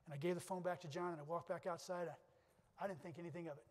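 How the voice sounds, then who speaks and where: Middle-aged male keynote speaker, quick earnest delivery, lingering hall reverb. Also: fairly high pitch, fairly even intonation. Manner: earnest storytelling with repeated restarts. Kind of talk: motivational speech with personal stories. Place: conference hall.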